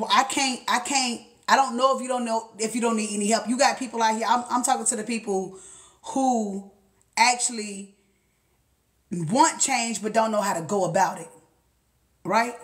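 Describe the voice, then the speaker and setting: A woman's voice: a little high, fairly bright tone. A woman giving a casual motivational talk, blunt and profane, often laughing as she talks to herself. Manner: blunt and profane, swears freely. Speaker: spiritual motivational speaker.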